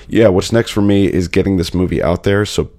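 A man's voice: deep voice, a little fast, dry recording. A man, a filmmaker guest, telling stories in a casual interview and acting out the people he quotes. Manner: animated storyteller, acts out quotes.

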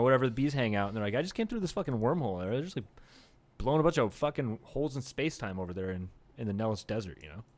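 A young man co-hosting a comedy podcast, riffing in a casual, profane way and laughing often. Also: mid-range voice. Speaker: podcast co-host.

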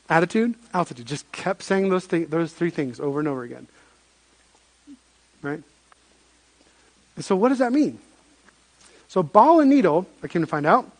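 High-voiced man preaching a sermon. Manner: animated storytelling with frequent restarts. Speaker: pastor.

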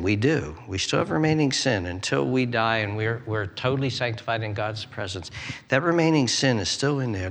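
Lively preacher in a reverberant hall. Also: male voice, on the low side. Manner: animated, acts out prayers and inner voices. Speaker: pastor. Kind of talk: sermon. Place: church.

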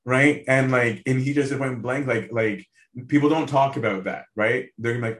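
A man leads a relaxed Bible study in an easygoing, conversational way. He keeps turning to his listeners to check they're following, and he often restarts and repeats words mid-sentence. His voice sits at an ordinary middle pitch and rings in an echoey room. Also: moderate pace. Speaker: Bible teacher. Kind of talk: casual Bible study teaching.

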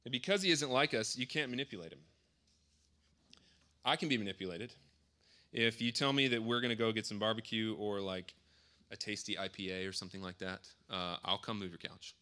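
A man in his thirties preaching, his voice very bright and forward. He talks to the congregation casually, slipping in fillers and restating his points as he goes. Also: lowish voice, fairly quick. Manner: conversational, with frequent fillers and self-corrections. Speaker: pastor. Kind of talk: sermon.

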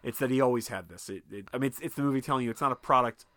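A man's voice: medium pitch, very fast, fairly bright tone, no room sound, clean studio sound. A man co-hosting a podcast, talking casually and animatedly about a movie, swearing often and using lots of fillers. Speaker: podcast co-host. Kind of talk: casual film discussion.

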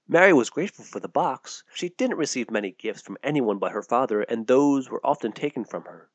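Expressive, lively storybook narrator, a man. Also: mid-range voice, brisk, few pauses, no room sound.

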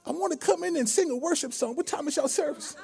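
A man's voice: extremely high pitch, fast talker, gravelly, mellow, voice pushed up. A man voicing a syrupy, persistent woman prank caller who sounds like a church lady, drawling and sing-song. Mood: sweet.

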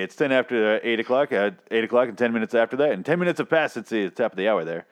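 A man on a comedy podcast, talking in loose banter that turns into exasperated, profane rants. His pitch rises and falls a lot as he goes. His voice sits in the middle range. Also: lively intonation, rapid-fire. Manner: profane, exasperated ranting with mocking impressions. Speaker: podcast co-host.

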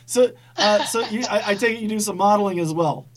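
A man's voice: high voice, fairly quick. A man hosting a podcast in casual chat, rambling and swearing, with many fillers. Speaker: podcast host.

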